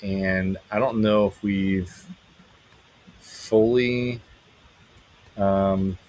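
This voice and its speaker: A married man hosting a live stream as a musician, chatting casually with viewers in a rambling, halting way, full of fillers, brightening when he greets people. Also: sits low, fairly even intonation, rough recording. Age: adult, married.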